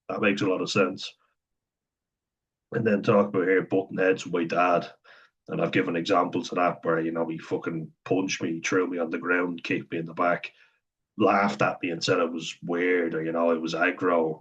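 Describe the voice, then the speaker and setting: A man's voice: low-pitched, level tone, normal speed, a bit bright, slightly rough. A young man in a candid, profane personal monologue, talking frankly and conversationally. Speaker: vlogger. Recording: dull lo-fi sound.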